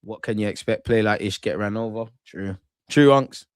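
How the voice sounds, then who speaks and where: A man streams his reaction to a football match, talking straight to his chat and to the players, his voice jumping between calm and loud outbursts. The sound is dry and close, with no room echo. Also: on the low side, normal speed, smooth. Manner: excitable, swears, talks to chat and players. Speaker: football watchalong host.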